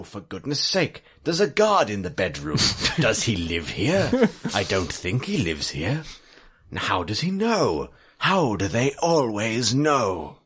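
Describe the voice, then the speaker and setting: A man doing an old fireside storyteller, husky. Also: medium pitch, fairly bright tone, heavily acted. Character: old male storyteller by the fire, rambling.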